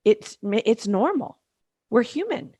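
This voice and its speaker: A woman's voice: a little high, big pitch swings, slow, mellow, breathy edge, no echo. Emphatic middle-aged woman, dry close sound. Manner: emphatic, repeats words for stress. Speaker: podcast co-host, grief specialist. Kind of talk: casual conversation.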